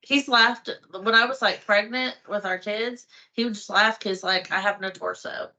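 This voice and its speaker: A woman's voice: medium pitch, moderate pace, bright, forceful tone. A middle-aged woman chatting as a guest, telling stories and acting out her own thoughts. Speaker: host's wife, guest. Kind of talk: casual chat.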